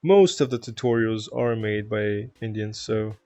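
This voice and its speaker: Calm, easygoing man streaming. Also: fairly low pitch, unhurried, no room sound. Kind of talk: casual chat with viewers.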